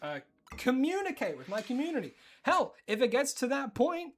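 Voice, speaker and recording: A streamer with an Australian accent, chatting casually and rambling while playing, breaking into excited disbelief. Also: high voice, moderate pace, soft background music. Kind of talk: casual live-stream chat while gaming.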